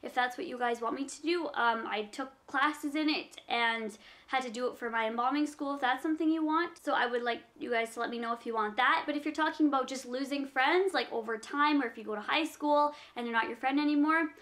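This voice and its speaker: A woman's voice: high voice, a little fast, fairly bright tone. A young woman YouTuber answering viewer questions in a casual vlog, earnest and advice-giving, reading each question aloud before she answers it.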